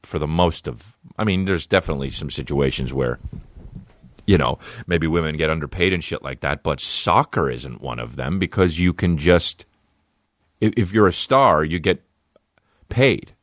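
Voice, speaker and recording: A man's voice: very deep voice, normal speed, no room sound. A man hosting a podcast who riffs profanely through a casual comedic rant. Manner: profane, animated, riffing.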